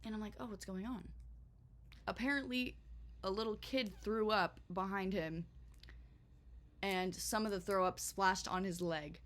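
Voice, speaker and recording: A young woman telling a storytime vlog in a chatty, animated way, full of swearing and filler words. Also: medium pitch, a little slow. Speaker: vlogger.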